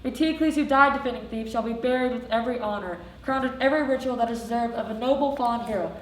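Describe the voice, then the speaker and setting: An imperious, impatient king barks decrees, played by a teenage girl on a school stage. The voice sits high and is heard from across an echoey theatre hall. A faint hiss lies under the stage recording. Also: fast, far from the mic, lightly acted. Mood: proclaiming. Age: teens. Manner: commanding, proclaiming, impatient. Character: stern, imperious male king. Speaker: student actor.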